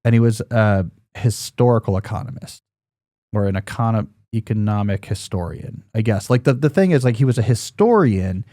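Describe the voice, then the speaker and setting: A man's voice: on the low side, expressive, moderate pace, mellow, no room sound, clean studio sound. A man in his forties hosting a podcast in casual chat, rambling and joking, with lots of fillers and restarts. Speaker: podcast host.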